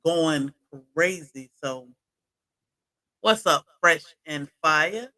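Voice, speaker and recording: Chatty bright-voiced woman on a livestream. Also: low voice, extremely slow, poor audio. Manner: chatty, greets viewers from chat by name. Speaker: homestead livestream co-host. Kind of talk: casual livestream chat.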